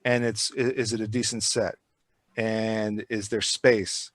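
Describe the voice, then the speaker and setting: A man's voice: on the low side, unhurried, no room sound. A man chatting casually on a podcast, telling rambling, profane stories with lots of energy. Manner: rambling, profane, animated storytelling.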